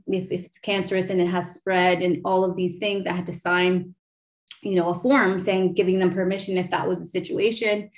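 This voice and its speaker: A woman in her thirties hosts a casual podcast chat. She tells a long personal story in a rambling, heartfelt way, with her voice sitting at an everyday middle pitch. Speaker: podcast host.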